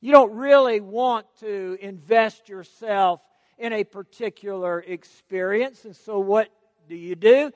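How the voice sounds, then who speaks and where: Slow, high-voiced preacher in a hall. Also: male voice. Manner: emphatic, repeats key words for stress. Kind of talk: sermon.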